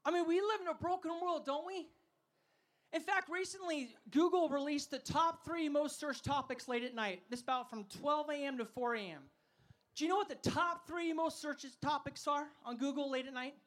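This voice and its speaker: A man giving a sermon as a festival speaker. He tells funny stories and has the audience shout words back to him. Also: extremely high pitch, normal speed. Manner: energetic, asks the crowd to call back; humorous storytelling.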